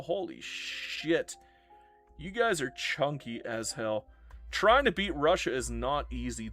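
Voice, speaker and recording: A man livestreams a strategy game, providing gameplay commentary in a bright, fairly high, very lively voice. He's theatrical and self-mocking and swears freely, with faint background music on an otherwise dry recording.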